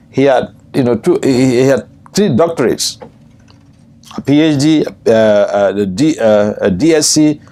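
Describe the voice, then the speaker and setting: An older swami leads a scripture class in a temple room, weaving personal anecdotes into his teaching. His tone is somewhat dark, he chuckles often as he tells stories, and his pitch leaps high whenever he quotes someone.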